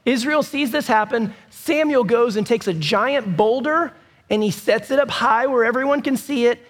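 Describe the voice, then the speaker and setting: Male pastor, very high-pitched, casual storyteller, reverberant church hall. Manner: casual storytelling with asides to the congregation. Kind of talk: sermon.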